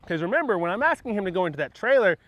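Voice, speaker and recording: A horse trainer talking calmly as he works a horse through a gate outdoors, praising it often and explaining each step. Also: high voice, rapid-fire, no room sound. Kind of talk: hands-on training demonstration. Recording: dull lo-fi audio with faint outdoor noise.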